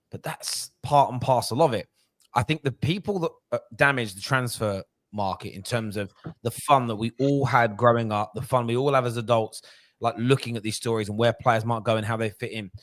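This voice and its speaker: A man hosting a football fan podcast, talking in an animated, ranting way and swearing freely. His voice sits at an ordinary middle pitch. The sound is dry and close, with no room echo. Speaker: podcast host. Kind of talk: casual football podcast chat.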